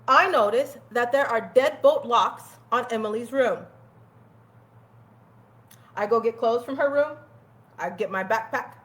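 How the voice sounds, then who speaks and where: Woman, storytelling, candid, swears freely, laughs often, slightly high voice. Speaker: guest telling her life story. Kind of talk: casual storytelling.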